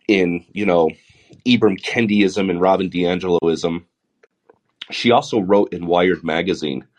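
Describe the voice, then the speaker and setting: A man with a baritone voice hosting a live podcast, talking through the week's news with sarcastic asides. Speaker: podcast host. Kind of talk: solo podcast monologue.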